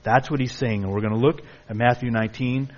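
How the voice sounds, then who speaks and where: A man preaching a sermon emphatically, reading scripture aloud and sometimes mimicking excuses in a higher voice. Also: steady tone, fast, highs cut off. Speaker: pastor.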